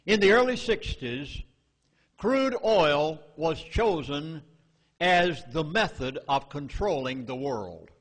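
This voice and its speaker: A man's voice: on the high side, expressive, slow. Emphatic Southern man lecturing in a hall. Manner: emphatic, urgent, dramatic warnings. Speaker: public speaker. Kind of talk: public lecture to a live audience. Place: meeting hall. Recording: echoey hall reverb.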